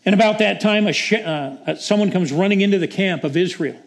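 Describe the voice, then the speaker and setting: A man's voice: high-pitched, fairly quick. A male preacher delivering a sermon with dramatic storytelling.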